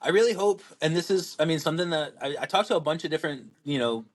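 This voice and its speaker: A young man from Washington state, co-hosting a podcast and telling a lively story, acting out quotes with lots of fillers. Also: fairly high pitch, fast talker. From Washington state, USA. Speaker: podcast co-host and pro disc golfer. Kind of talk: casual storytelling chat.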